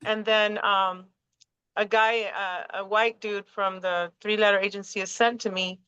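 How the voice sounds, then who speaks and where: Host, woman; excitable, swearing, rambling; lo-fi call sound. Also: mid-range voice, measured pace, clean tone, dry recording. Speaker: podcast host. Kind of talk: casual conspiracy chat. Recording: dull lo-fi call audio.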